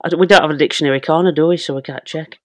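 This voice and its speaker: A man's voice: fairly high pitch, fairly even intonation, rapid-fire, a bit bright, dry recording. A man, a comedian guest on a podcast, bantering in a wry, self-deprecating way. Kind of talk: casual chat.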